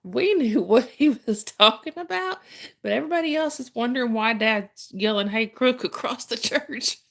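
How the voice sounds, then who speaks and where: A woman's voice: fairly high pitch, expressive, normal speed, vocal fry. A woman hosting a casual livestream, telling a story and chatting with viewers, laughing often and restarting sentences. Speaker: livestream host. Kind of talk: casual live chat storytelling.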